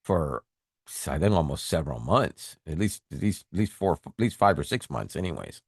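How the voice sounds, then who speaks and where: A man co-hosting a tech podcast in casual chat, animated, often laughing and repeating words. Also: very deep voice, moderate pace, gravelly, breathy edge, no echo, clean studio sound. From Canada. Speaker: podcast co-host.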